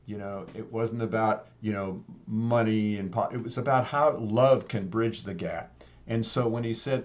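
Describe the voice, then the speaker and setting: A man's voice: lowish voice, a little slow, a little hiss or hum. Upbeat man co-hosting a chat. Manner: upbeat, jokey, many fillers. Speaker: co-host. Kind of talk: casual chat.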